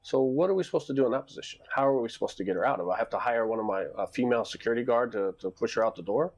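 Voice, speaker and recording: Guy who owns a club telling stories, kinda husky, rambly, lots of restarts and asides. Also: mid-range voice, rapid-fire. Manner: animated when reenacting arguments. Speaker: nightclub owner. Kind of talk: casual storytelling vlog.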